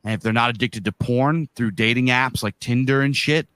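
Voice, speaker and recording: A podcast co-host in his thirties or forties chats casually and bluntly, with heavy profanity and slang. His mid-range voice is clear, resonant and fairly bright, at normal speed, on a dry recording.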